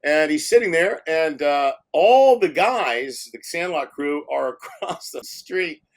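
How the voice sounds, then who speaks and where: Older guy telling stories on a podcast, laughs a lot, cusses, kinda high voice. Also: slow pace. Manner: animated anecdote teller who laughs often and swears casually. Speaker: film director guest. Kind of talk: casual interview storytelling.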